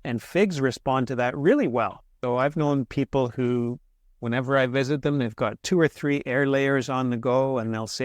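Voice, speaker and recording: A man explaining gardening as an interview guest, patient and steady, with small restarts as he talks. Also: medium pitch, moderate pace, no room sound, studio quality. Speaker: horticulturist guest. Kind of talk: casual interview answers.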